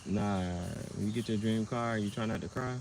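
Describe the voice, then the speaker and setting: A man's voice: fairly low pitch, steady tone, moderate pace, a little mellow, slight background noise. A man talking in a loose, slangy monologue that keeps drifting into playful rhymes. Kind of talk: casual rhyming monologue.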